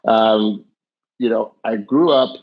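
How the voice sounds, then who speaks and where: A middle-aged man with a husky, fairly low voice tells his life story in a candid, meandering way. He often restarts his sentences and leans on "you know". The audio sounds muffled and lo-fi. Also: slow pace. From born in the US, raised in Jamaica. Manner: reflective, rambling with many restarts and fillers. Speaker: podcast guest. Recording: dull lo-fi audio.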